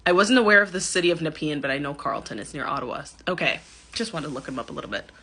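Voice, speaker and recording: A bright, clear-toned woman from Canada talks casually into her phone camera, laughing often and hedging with ums as she comments. Her voice sits a little low for a woman. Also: animated, very fast. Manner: chatty, giggly, hedging with many ums. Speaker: vlogger reacting to a clip.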